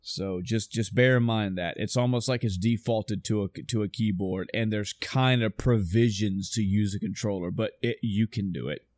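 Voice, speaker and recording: A man's voice: on the low side, moderate pace, few pauses, a little mellow, dry recording, clean studio sound. A man talking casually about a video game, swearing often and rambling with enthusiasm. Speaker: podcast host reviewing a video game. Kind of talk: casual chat.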